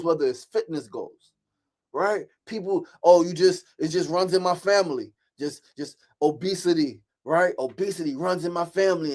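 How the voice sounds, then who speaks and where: A man's voice: fairly high pitch, darkish tone. A man hosting a motivational podcast, talking in an emphatic, preachy monologue that repeats its points. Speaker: host.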